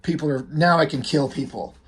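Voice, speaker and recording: A man's voice: a little high, fairly quick, husky. A man voicing a gleeful, bloodthirsty male vigilante who sounds giddy and eager, in a comic read-along.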